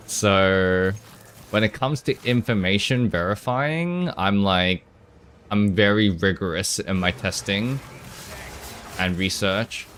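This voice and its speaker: A man's voice: on the low side, slow pace, pauses often, fairly bright tone, a little hiss or hum. A man streaming a game, chatting casually with his viewers, answering chat and laughing often.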